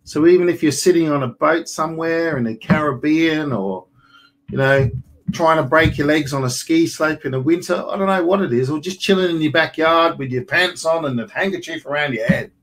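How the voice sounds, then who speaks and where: Animated man in his forties, coaching. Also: a little high, fairly quick, poor audio. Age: 40s. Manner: animated, colloquial, slips into acted quotes. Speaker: property business coach. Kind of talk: motivational webinar talk.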